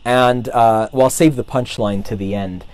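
A man's voice: mid-range voice, fairly even intonation, moderate pace, a little mellow, dry recording. A man casually retelling a saint's life, rambling, with many fillers and restarts. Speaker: storyteller.

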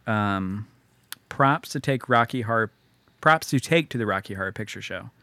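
A man's voice: fairly low pitch, animated, moderate pace, sharp tone, dry recording. A man co-hosting a podcast, chatting casually in a teasing, jokey way. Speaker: podcast co-host. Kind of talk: casual chat.

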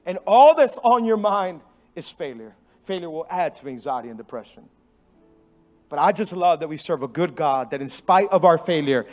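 A pastor with a strikingly high voice for a man preaches in a church, telling his story with big swings from emphatic, near-shouted lines to quiet, hushed ones. He repeats key phrases for stress, and faint music plays softly behind his mic'd voice. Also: moderate pace. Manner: animated storytelling with sudden drops to hushed tones. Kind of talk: sermon. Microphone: microphone.

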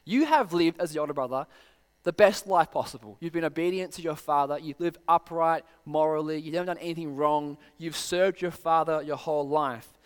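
Man, earnest preacher, slightly high voice, long reverb. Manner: earnest, rising to pointed rhetorical questions. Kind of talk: sermon.

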